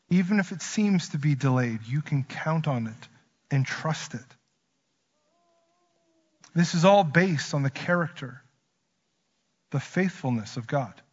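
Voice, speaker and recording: A male pastor preaching a sermon, swinging from quiet slow emphasis to loud, urgent rises. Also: on the high side. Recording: dull audio with long hall reverb.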